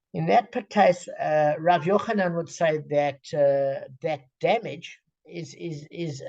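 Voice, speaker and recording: Over a video call, a man leads friends through a page of Talmud, thinking aloud with many fillers and restarts. His voice is fairly high and a little mellow, with vocal fry. The recording has its highs cut off.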